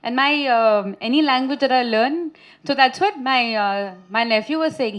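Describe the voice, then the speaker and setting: A woman in her thirties from India, an actress chatting with reporters at a press meet, telling lively anecdotes and laughing often. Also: sits high, moderate pace. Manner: chatty, laughing, animated storytelling.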